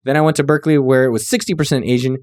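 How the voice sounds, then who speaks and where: A man from California, hosting a podcast and giving casual, joking shout-outs to listeners in a laid-back, profane, slangy way. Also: mid-range voice, steady tone, rapid-fire, no room sound, clean studio sound. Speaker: podcast host.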